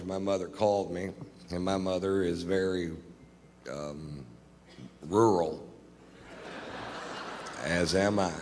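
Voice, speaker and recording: A male stand-up comedian telling jokes on stage in a dry, deadpan drawl, with plenty of profanity. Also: sits low. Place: theater stage. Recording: live show in a reverberant hall with audience noise. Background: audience laughter.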